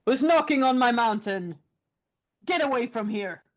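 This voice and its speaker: A woman voicing a huge, fanged male mountain troll who threatens in a gruff, lower voice. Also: expressive, a little slow. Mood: threatening. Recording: dull lo-fi sound.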